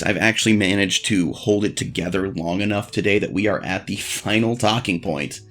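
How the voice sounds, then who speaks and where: A man vlogging frank dating advice in a blunt, profane, self-deprecating casual monologue. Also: on the low side.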